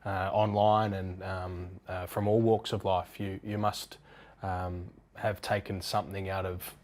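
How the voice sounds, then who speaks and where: A man interviewing a guest, asking measured questions with many ums. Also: sits low, little pitch movement, darkish tone. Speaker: sports interviewer. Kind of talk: sit-down interview.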